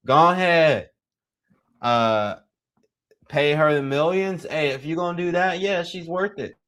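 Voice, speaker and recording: A young man giving casual live play-by-play commentary, excitable and teasing, full of slang. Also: fairly high pitch, moderate pace.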